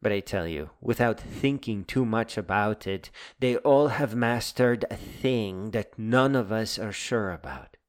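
A man reading a reflective, wry spoken essay in a musing, deliberate way. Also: on the low side. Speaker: essay narrator. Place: Lake Michigan area.

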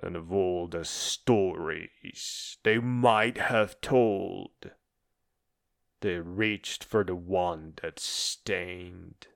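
A man voices an embittered, proud, dying philosopher in a dramatic monologue, reading a letter aloud with slow, measured, bitterly scornful declamation. His voice is deep and creaky, and the performance is heavily acted.

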